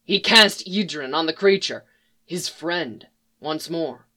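A reader narrating a dark fan fiction story in a measured, solemn way. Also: mid-range voice.

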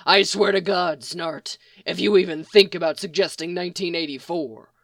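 A woman voicing a gruff, surly grown man, a captive brawler who growls blunt threats in a storybook reading. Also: fairly low pitch, normal speed, no echo, clean studio sound, natural voice. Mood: exasperated.

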